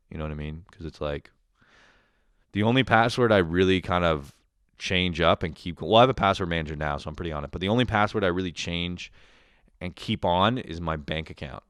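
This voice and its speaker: A man's voice: low voice, fairly bright tone, smooth, no echo, studio quality. A young man ranting casually and sarcastically as a comedy host, rambling and swearing often.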